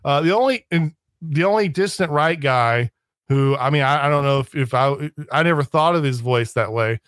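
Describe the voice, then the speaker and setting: A man in casual podcast talk, his voice a bit higher than most and recorded dry and close. He rambles, restarts often and drops sneering asides. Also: moderate pace, a bit bright, no echo.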